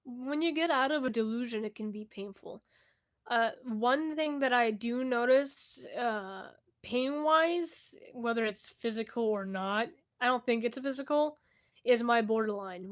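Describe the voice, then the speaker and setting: A young woman answering viewer questions in a casual vlog at home, candid and chatty, often laughing and trailing off. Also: a little high. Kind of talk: casual Q&A chat to camera. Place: indoors at home, cat nearby.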